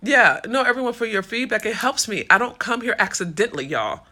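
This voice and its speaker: A woman's voice: on the high side, big pitch swings, a little fast, sharp tone. A woman hosting a casual live stream, talking through comments with viewers in an impassioned, swearing, tired way.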